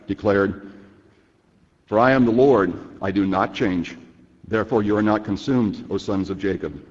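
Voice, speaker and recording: Guy preaching a sermon, lowish voice, slow earnest delivery, kinda muffled and echoey. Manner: measured, earnest delivery with scripture quotations. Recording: lo-fi with long reverb.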